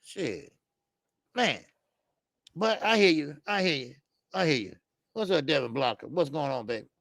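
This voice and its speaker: Older male boxing host, gravelly, high-pitched, blunt and profane, rambling, dry close sound. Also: lively intonation, normal speed, a bit bright, no room sound. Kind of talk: casual live-stream commentary.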